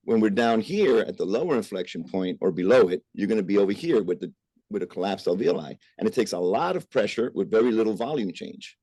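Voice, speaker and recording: A man's voice: lowish voice, expressive, a little fast, mellow, husky, no echo. A man giving a virtual medical lecture, explaining step by step with frequent "uh" and "right?" checks. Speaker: physician lecturer. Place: remote presentation over a call.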